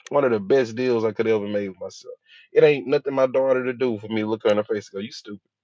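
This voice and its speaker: In a dull, dry lo-fi recording without echo, a hypnotherapist with a school-age child speaks quickly in a fairly low, mellow voice. His motivational speech features casual slang, rhetorical questions, and emphatic repetition.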